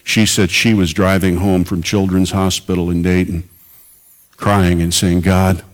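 A low-voiced man preaching from the pulpit. He speaks earnestly, and his delivery rises to emphatic peaks as he drives a point home. It is the steady voice of a pastor who also preaches on the radio. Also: a little slow. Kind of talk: sermon.

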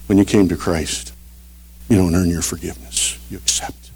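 A man preaching a short radio devotional, earnest, swinging between emphatic lines and hushed ones. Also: low voice, fairly even intonation, moderate pace, husky.

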